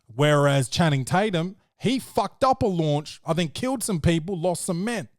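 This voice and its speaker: Here a male podcast host runs through a film's plot, cracking jokes and swearing freely in a relaxed review conversation. His higher-leaning voice has lively intonation and a moderate pace, captured in studio quality with no room sound.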